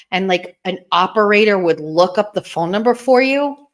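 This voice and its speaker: A woman's voice: mid-range voice, expressive, fairly quick. A woman in her thirties hosting a casual livestream, rambling and chatty while opening gifts, teary and close to crying. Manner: rambling, nostalgic, chatty with fillers. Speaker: host.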